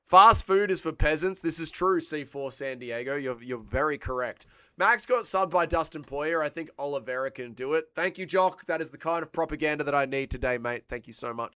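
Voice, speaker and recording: Bright and fairly high-pitched, this man's voice is forceful, clear, and resonant, delivered at a moderate pace in a dry recording. He's an Australian host with a cold, reading his livestream chat aloud and bantering in a rambling, crude, heavily profane way.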